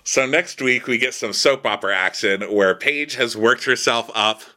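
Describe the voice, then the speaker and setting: A snarky podcast co-host with a bright, forceful voice picks apart a reality show in casual chat. He is sarcastic and swears freely. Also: mid-range voice, moderate pace.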